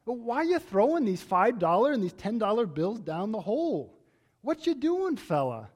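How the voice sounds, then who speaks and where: A simple old Norwegian farmer from a joke, put on by a preacher, speaking in a thick Norwegian accent. The voice sits high and sing-song. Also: male voice, sing-song, normal speed. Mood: baffled.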